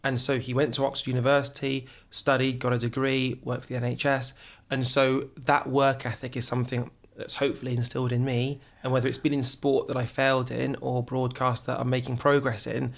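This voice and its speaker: A man's voice: medium pitch, flat delivery, fairly quick, creaky. A man from England, a TV presenter, talking as a podcast guest in an earnest, reflective storytelling manner. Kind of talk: conversational interview.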